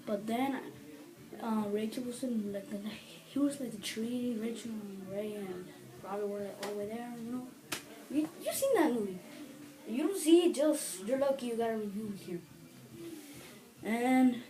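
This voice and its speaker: A woman's voice: a little high, warm tone, low-quality recording. A woman giving a casual spoken movie review, rambling through the story with lots of "like" and acting out lines in other voices. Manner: rambling retelling full of "like", acting out quotes.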